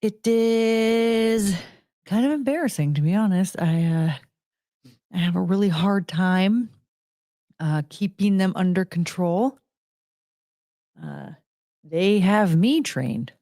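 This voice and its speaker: A woman's voice: lowish voice, sing-song, slow, pauses often, dark tone, dry recording, clean studio sound. A woman livestreamer chatting casually in a rambling way, with lots of fillers.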